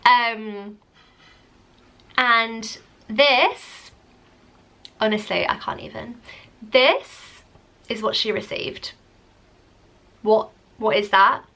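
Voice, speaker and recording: A woman's voice: a little high, extremely slow, pauses often. A young woman, chatting casually as she tells a story to camera, saying "like" constantly. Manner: chatty, animated, lots of "like". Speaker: vlogger.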